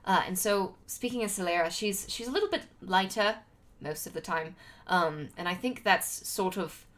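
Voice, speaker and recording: A woman's voice: lowish voice, lively intonation, normal speed, a bit bright. A young woman from Utah, a streamer chatting casually to her livestream, rambling with lots of fillers and restarts. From Utah, United States. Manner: rambling, with many fillers and restarts and frequent laughs.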